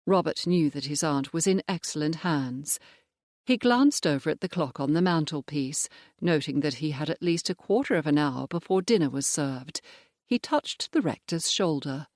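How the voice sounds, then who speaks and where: A narrator reading a mystery novel aloud in a steady, even manner. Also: mid-range voice, normal speed, no echo, clean studio sound. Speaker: audiobook narrator. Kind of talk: scripted narration.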